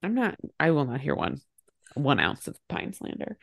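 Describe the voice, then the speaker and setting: A woman co-hosting a casual movie podcast chat, animated, laughing often and swearing freely. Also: low-pitched, moderate pace, creaky. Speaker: podcast co-host.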